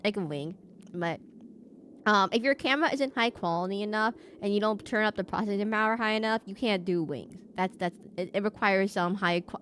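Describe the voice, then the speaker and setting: A young woman VTuber chats casually on a live stream, rambling and restarting her sentences often. Her voice is medium in pitch, with slight background noise.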